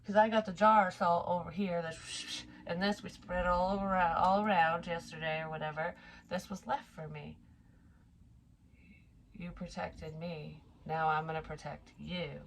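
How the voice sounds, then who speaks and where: A woman's voice: lowish voice, fairly even intonation, a little slow, a little hiss or hum, poor audio. A woman giving a casual psychic tarot reading, chatty and thinking aloud, with frequent swearing.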